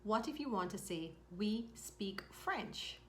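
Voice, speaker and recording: A woman teaching a spoken lesson, repeating each phrase slowly and clearly. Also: mid-range voice, expressive, a little hiss or hum. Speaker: language teacher. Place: home in Mexico.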